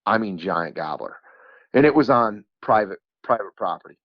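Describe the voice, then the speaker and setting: A man from New York with a lowish voice tells a story with animated energy, full of fillers like "you know" and repeated words. The sound is dull and lo-fi, with a very dry, close feel. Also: moderate pace, no room sound. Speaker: podcast guest, turkey caller. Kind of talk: casual anecdote telling.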